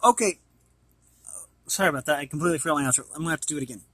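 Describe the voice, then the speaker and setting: A man's voice: a little high, rapid-fire, sharp tone, no echo, rough recording. Rambling American man, dry close sound. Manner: rambling, lots of fillers and restarts. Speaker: vlogger. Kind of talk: rambling casual chat.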